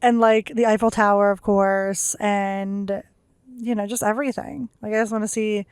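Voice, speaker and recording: A woman's voice: mid-range voice, fairly even intonation, normal speed, clean tone, dry recording. A young woman co-hosting a podcast in casual chat, chatty and laughing often, with lots of "like" fillers. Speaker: podcast co-host.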